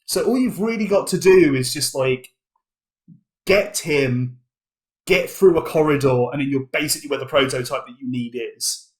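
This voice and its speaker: A man's voice: fairly high pitch, normal speed. A British man running a comedic tabletop game as game master, narrating in a rambling, playful way. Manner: rambling, playful, full of "basically" and "like".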